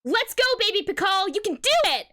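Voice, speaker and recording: A woman reading out the lines of an excited young woman gamer who cheers on her friend. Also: fairly high pitch, normal speed. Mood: hyped. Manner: excited, encouraging.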